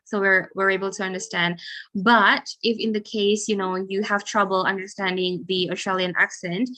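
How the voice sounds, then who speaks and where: A young woman with an Indonesian accent, a guest speaker answering questions in an online webinar, chatty and quick with many fillers. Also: mid-range voice, flat delivery. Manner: chatty, quick, with fillers and soft trailing asides. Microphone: video call.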